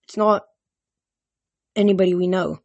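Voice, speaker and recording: A brisk, clever teenage girl, read aloud. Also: medium pitch, fairly even intonation, creaky, darkish tone, no echo.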